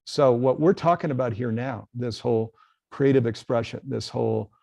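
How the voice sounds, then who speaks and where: A man's voice: medium pitch, normal speed, gravelly, dark tone, no room sound. A man hosting a live spiritual webcast, talking earnestly and reading viewer questions aloud. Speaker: host. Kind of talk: casual live webcast talk.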